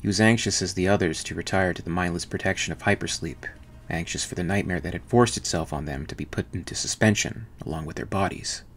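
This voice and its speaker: A man narrating a novel in an even, measured audiobook reading. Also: low-pitched.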